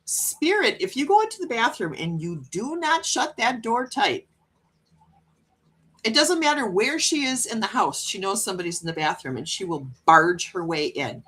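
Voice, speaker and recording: A woman's voice: mid-range voice, moderate pace, breathy edge. A woman hosting a casual livestream chat, reading viewer comments aloud and laughing often. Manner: chatty, laughs often, animated cat voices. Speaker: livestream host.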